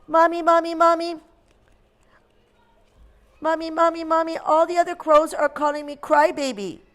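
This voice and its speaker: A woman's voice: extremely high pitch, fairly even intonation, moderate pace, a bit bright, pitched above the performer's own voice. A woman voicing a whiny little boy crow who cries all the time and tattles to his mother. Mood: whining. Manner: whining, tattling, sobbing.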